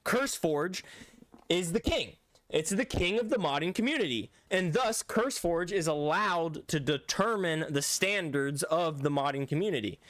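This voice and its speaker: A man's voice: fairly high pitch, lively intonation, normal speed, a bit bright, dry recording. A man live-streaming a game in casual chat, rambling and correcting himself as he answers his chat. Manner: rambling, self-correcting, talks back to chat.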